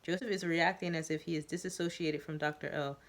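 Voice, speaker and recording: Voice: mid-range voice, steady tone, a little fast. A reader narrating a first-person story aloud, in a plain voice with small stumbles and repeats.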